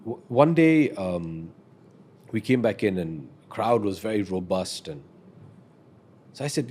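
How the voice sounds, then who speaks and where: A man's voice: lowish voice, slow, long pauses, slight background noise. A man, earnestly telling a personal story as a podcast guest. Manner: earnest, reflective, animated when telling stories.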